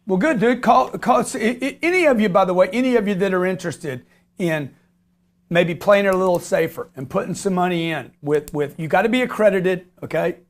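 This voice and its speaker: A man hosting a call-in radio show, pitching deals in a fast, animated way and acting out his conversations.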